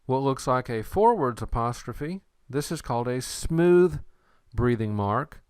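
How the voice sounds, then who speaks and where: Male language teacher, patient and unhurried, smooth clear voice, close dry recording. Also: medium pitch, lively intonation, a little mellow, no room sound. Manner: slow, patient, repeats words for the learner. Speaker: Greek teacher.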